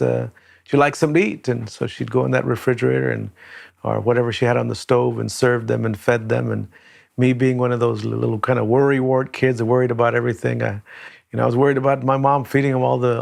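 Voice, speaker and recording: An older man from Southern California telling a reflective personal story as a conference speaker, with many pauses and restarts. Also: mid-range voice, creaky.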